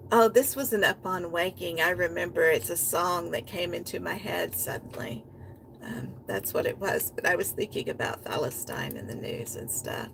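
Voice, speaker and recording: A woman hosting a poetry reading, reading poems in a rhythmic, chant-like way and talking about them with hesitant pauses and restarts. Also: lowish voice, lively intonation, vocal fry, fairly bright tone, a little hiss or hum, poor audio. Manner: hesitant fillers and restarts in her chat, rhythmic chant-like recital.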